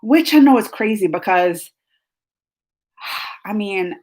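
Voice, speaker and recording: A woman's voice: medium pitch, lively intonation, slow pace, a little mellow. A woman hosting a casual live stream who laughs often and greets her chat by name. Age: adult, mother of school-age kids. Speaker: livestream host.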